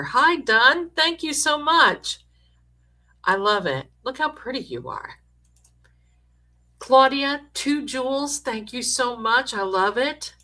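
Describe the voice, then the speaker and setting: A woman's voice: mid-range voice, sharp tone. A middle-aged woman hosting a livestream in casual chat, effusively thanking viewers by name. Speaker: livestream host.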